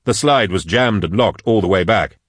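A man reading an action audiobook in a steady, dramatic scripted narration. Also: on the low side, moderate pace, no echo, studio quality.

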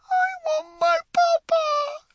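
A woman's voice: very high voice, sing-song, slow, creaky, heavy background noise, pitched above the performer's own voice, full character voice. A wailing tearful little girl. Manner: wailing, pleading. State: crying.

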